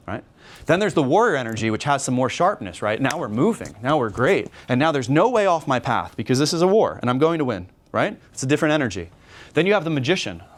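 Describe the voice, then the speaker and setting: A medium-pitched man gives a workshop talk to fellow magicians at a convention, energetic and conversational. He often checks in with "right?" and slips into stage patter to demonstrate.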